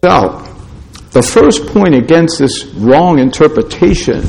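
A male pastor delivering a sermon in a noticeably high voice. He speaks slowly and deliberately, driving each point home with short, repeated, scolding statements. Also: expressive, vocal fry, darkish tone, a little hiss or hum, low-quality recording. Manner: emphatic, scolding preaching with repeated short declarations.

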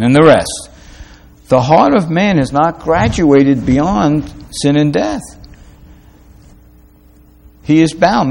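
A man's voice: a little high, darkish tone. Man preaching an emphatic sermon. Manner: preaching with rising emphatic peaks and rhetorical questions; quick asides between slow, stressed phrases. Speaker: pastor.

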